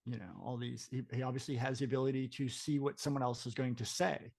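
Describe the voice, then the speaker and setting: A man's voice: mid-range voice, fairly even intonation, quick pace, vocal fry, darkish tone. A man co-hosting a podcast, chiming in with a laid-back, agreeing manner. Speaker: podcast co-host. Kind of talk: casual comic-book chat.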